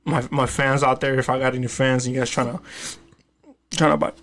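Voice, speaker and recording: A man's voice: mid-range voice, level tone, a little fast, a bit bright. A man hosting a podcast, telling stories in a loose, profane, rambling way with many restarts. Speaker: podcast host. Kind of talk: casual storytelling chat.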